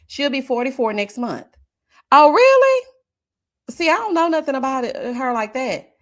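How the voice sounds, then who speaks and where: A woman hosting a casual live stream, chatting with viewers and reading their comments, often breaking into laughter and drawn-out murmurs of agreement. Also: high voice, expressive, a bit bright. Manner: chatty, talks straight to viewers.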